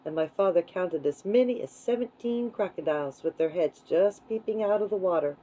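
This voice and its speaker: A woman reading a children's book aloud in a gentle, unhurried way. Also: on the low side, highs cut off. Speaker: storyteller.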